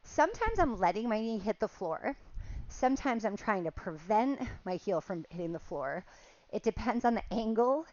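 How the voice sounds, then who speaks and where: A woman's voice: medium pitch, very animated, normal speed, darkish tone, no room sound. A woman, a movement coach, guiding a home workout in a friendly, instructive way. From Connecticut. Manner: friendly, instructive, chatty asides. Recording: slightly dull, lo-fi sound.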